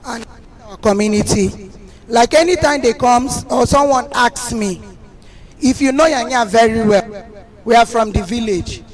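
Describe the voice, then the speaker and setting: A hoarse woman with a Nigerian accent, speaking as a community representative at a public meeting, earnest and grateful, with many restarts. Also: fairly high pitch, a little slow. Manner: earnest, thanking, rambling with restarts.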